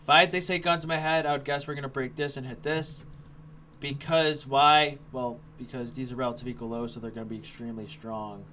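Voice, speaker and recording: A man's voice: mid-range voice, fairly even intonation, fairly quick, bright, forceful tone, a little hiss or hum. A young man streaming live as he trades, talking casually, thinking aloud and swearing now and then. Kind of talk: live stream trading commentary.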